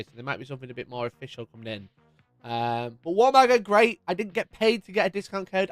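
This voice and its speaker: A chatty man with a fairly high voice hosts a casual live stream, greeting viewers by name and bantering as he reads their messages. His voice sounds close and dry, with faint music playing underneath. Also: smooth, dry recording. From United Kingdom.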